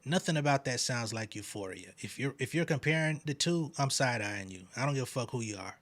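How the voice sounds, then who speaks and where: A man's voice: mid-range voice, lively intonation, a little fast, a bit bright. A man giving blunt, profane, dismissive reaction commentary. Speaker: reaction streamer.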